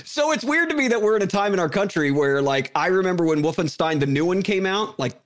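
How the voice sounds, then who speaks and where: A man in casual podcast banter, animated and profane, joking and putting on silly voices. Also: sits high, quick pace.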